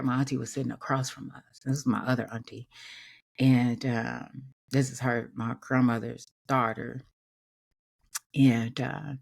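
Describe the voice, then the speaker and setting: A woman with features hosting a podcast, speaking candidly and emotionally in a conversational monologue full of fillers. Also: a bass voice. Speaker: podcast host. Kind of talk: personal reflective monologue.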